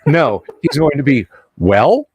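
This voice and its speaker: A man's voice: medium pitch, moderate pace, no room sound. A man hosting a livestream, chatting casually about tabletop games and acting out quoted lines as he tells stories. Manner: animated storyteller, acts out quoted voices. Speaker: livestream host.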